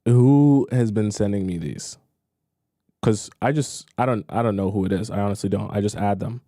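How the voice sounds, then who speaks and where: A man's voice: on the low side, normal speed, dark tone, dry recording, studio quality. A man working as a dating coach who reacts to clips in a casual, playful, teasing way. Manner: playful, chatty, teasing asides. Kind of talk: casual commentary.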